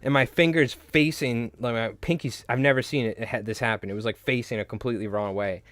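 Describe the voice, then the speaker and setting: A young man hosts a live stream in a loose, casual chat. He rambles through stories, leaning on filler words and the odd curse. His voice sits at an ordinary pitch and sounds dry and close. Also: steady tone, quick pace, a bit bright, dry recording. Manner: rambling storyteller, heavy with filler words and swearing. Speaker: livestream host.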